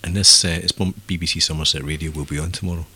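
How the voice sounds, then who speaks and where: A man's voice: rumbling low, fairly even intonation, racing, sharp tone, breathy edge. A man co-hosting a podcast, telling rambling stories with dry teasing in casual banter. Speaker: podcast co-host.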